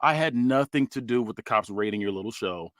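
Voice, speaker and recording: A man's voice: medium pitch, fairly quick, dry recording, clean studio sound, pitched below the performer's own voice, close to an everyday voice. A man voicing a smug, scheming male rival businessman who talks down to people while reading out a fantasy wrestling script. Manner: condescending, slick, faintly mocking. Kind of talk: read-aloud fantasy wrestling booking.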